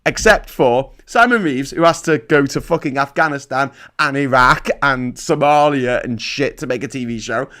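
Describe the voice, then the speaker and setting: A man's voice: medium pitch, moderate pace, few pauses, fairly bright tone. A man from Liverpool hosting a casual livestream, rambling and swearing as he mocks himself and mixes in politics. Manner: rambling, sweary, self-mocking. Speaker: livestream host. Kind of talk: casual live-stream chat and political commentary.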